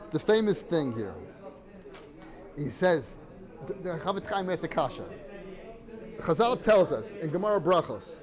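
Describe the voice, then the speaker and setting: High-voiced man teaching a casual Torah class. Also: darkish tone. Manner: conversational, storytelling with Hebrew and Yiddish-inflected terms, acts out quotes.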